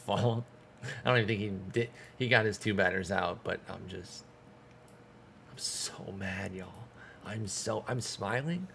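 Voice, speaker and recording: A man's voice: low-pitched, vocal fry, fairly bright tone, slight background noise. A man streaming a baseball management game, giving casual commentary in a frustrated, sarcastic way and swearing often.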